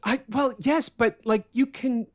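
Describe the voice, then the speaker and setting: A man's voice: very high voice, a little slow. A man hosting a podcast, telling a story in casual chat, swearing freely and laughing often. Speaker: podcast host.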